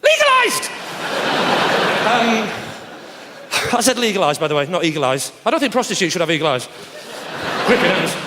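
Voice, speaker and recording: A man doing live stand-up comedy, teasing the crowd, with loud punchlines. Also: fairly high pitch, animated, quick pace. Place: large theatre stage with audience. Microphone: stage microphone. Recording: roomy live theatre with audience noise. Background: audience laughter.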